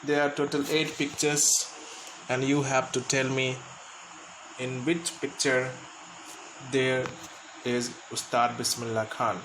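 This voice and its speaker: A man with an Indian accent, a school teacher, explaining an English lesson slowly and stopping often to gloss words for his students. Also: mid-range voice, level tone, echoey room, noisy background.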